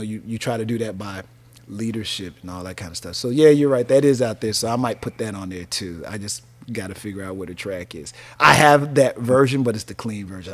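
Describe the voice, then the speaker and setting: A man in his fifties from North Carolina, a radio DJ telling stories in a casual interview with laughs and easygoing slang. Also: fairly low pitch. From North Carolina, USA. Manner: animated, laughing storyteller using casual slang.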